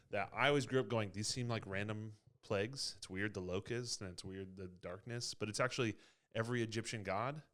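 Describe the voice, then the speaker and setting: Man, low voice, casual youth ministry teaching, animated storytelling. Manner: animated storyteller, acts out quotes. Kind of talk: casual Bible teaching chat.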